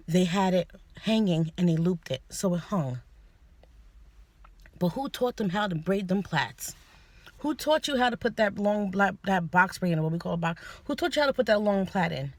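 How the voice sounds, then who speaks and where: A woman's voice: on the low side, dry recording. A young woman talking earnestly to camera in a personal vlog, hesitant, often restarting and apologizing. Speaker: vlogger. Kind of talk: personal opinion monologue.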